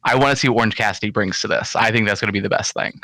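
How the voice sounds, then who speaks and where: A man's voice: lowish voice, steady tone, very fast, sharp tone. A man co-hosting a podcast, eagerly sharing his opinions and hopes about wrestling storylines. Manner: enthusiastic, shares opinions and hopes. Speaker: podcast co-host. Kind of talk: casual wrestling review chat.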